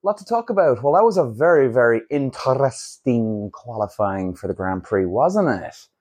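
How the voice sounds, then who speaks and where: Husky-voiced man ranting on a podcast. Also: mid-range voice, normal speed. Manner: blunt, animated, swears freely. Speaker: podcast host. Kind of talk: casual solo podcast rant.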